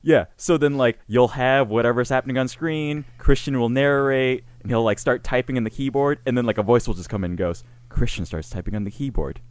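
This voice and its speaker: A man's voice: medium pitch, a little fast, hardly any pauses, no echo. A man co-hosting a podcast in casual chat, joking around and laughing often. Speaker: podcast co-host.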